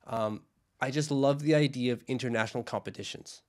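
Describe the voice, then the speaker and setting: A man's voice: medium pitch, a little fast, a little mellow. A young man co-hosting a casual hockey podcast, chatty and enthusiastic, often repeating himself. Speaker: podcast co-host. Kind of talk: casual chat.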